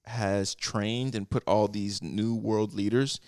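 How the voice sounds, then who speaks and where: A man's voice: on the low side, steady tone, takes it slowly, darkish tone, dry recording, clean studio sound. A man co-hosting a podcast, telling a story in casual chat and often repeating his words as he goes. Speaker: podcast co-host.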